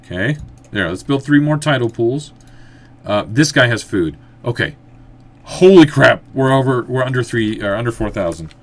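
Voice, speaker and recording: A man giving casual let's-play commentary, thinking aloud as he plays and breaking into excited outbursts. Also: mid-range voice, moderate pace. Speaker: gameplay commentator.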